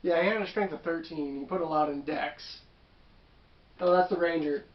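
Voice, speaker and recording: Brief: chatty game master, man, high-ish voice, rambling with asides, dull roomy sound. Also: moderate pace. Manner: rambling, with asides and self-corrections. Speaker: tabletop game master recounting a session. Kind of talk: casual storytelling.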